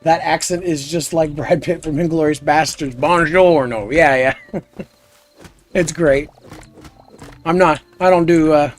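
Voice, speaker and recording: A man's voice: a little high, steady tone, measured pace, pauses often, faint music behind. Rambling, goofy male game streamer. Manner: rambling, goofy, chats with viewers while playing. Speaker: live streamer. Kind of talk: casual gameplay stream chat.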